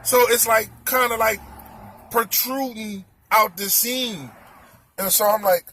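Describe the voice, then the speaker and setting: A man telling a comic story in an animated, exclaiming way, repeating his words. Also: sits high, takes it slowly, slight background noise.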